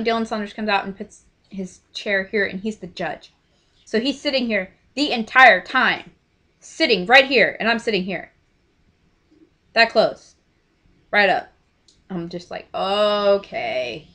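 A young woman telling a story to camera in a casual, gushing way, often trailing off into quiet asides. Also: mid-range voice. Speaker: vlogger.

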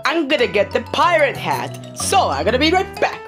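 A woman hosting a homemade kids' show, talking excitedly straight to the children watching. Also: high-pitched, moderate pace, music in the background. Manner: excited, talks straight to the kids.

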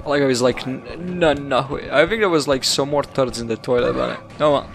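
A man's voice: mid-range voice, brisk, gravelly, over music. A young man, a gaming YouTuber giving rambling, swearing let's-play commentary while he plays. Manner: rambling, swearing, laughing at the game.

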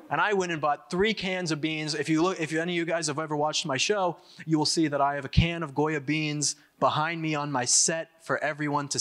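His voice is a little high and fairly bright. Addressing an audience, the young American man makes an emphatic political speech, repeating words for emphasis and dropping in quick asides.

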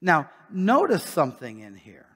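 A man's voice: a little high, huge pitch swings, measured pace, a bit bright, slightly rough. A man preaching a sermon as pastor, talking conversationally and asking his listeners rhetorical questions. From United States. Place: church sanctuary. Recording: long church reverb.

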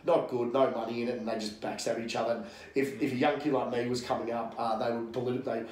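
A man's voice: medium pitch, little pitch movement, fast, a little mellow, reverberant. An Australian man speaking as a guest coach in a casual podcast interview, talking bluntly with lots of swearing, ranting and getting fired up.

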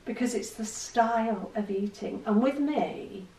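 A woman's voice: fairly high pitch, a little slow, dark tone, echoey room, far from the mic, poor audio. A middle-aged woman vlogging in a candid, self-deprecating casual chat to the camera.

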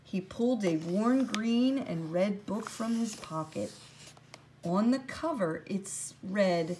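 A woman reading a children's picture book aloud with gentle, expressive storytelling. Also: medium pitch, slow pace, slight background noise. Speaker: storybook reader.

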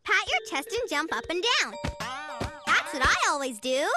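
A woman voicing a cheerful, excitable little monkey in a children's cartoon, bubbly and full of exclamations. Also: sits high, moderate pace. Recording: music playing under voice.

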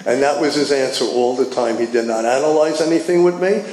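An older man, telling his personal recovery story at a meeting with animated storytelling, acting out the dialogue. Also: medium pitch, fairly quick. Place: meeting hall. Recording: echoey room with faint noise.

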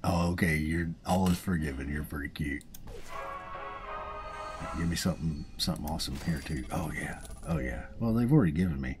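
A man with a Southern US accent hosts a let's play, chatting casually in a folksy way and often chuckling at his own jokes. His voice is very deep and brisk, with music in the background.

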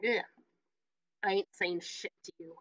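A woman voicing a surly young male thug who mutters low and swears. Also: steady tone, measured pace, fairly bright tone, dry recording, lo-fi sound, natural voice. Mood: sullen. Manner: low muttering, foul-mouthed.

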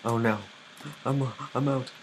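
A man's voice: mid-range voice, fairly even intonation, unhurried, very noisy. A young man commentating his own live gameplay, easily startled and muttering nervously to himself. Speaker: gamer playing live.

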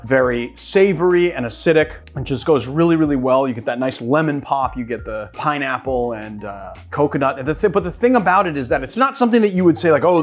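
A man from the Boston area hosting a cocktail show, chatty and rambling as he mixes and tastes drinks. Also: on the high side. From Boston area, USA. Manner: chatty, rambling, animated asides. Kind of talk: casual cocktail-making demo.

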